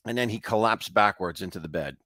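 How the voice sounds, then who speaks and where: A man co-hosting a show, casually retelling a ghost story in a loose, halting way. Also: fairly low pitch, a bit bright, no echo, studio quality. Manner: loose, with fillers and restarts. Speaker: co-host.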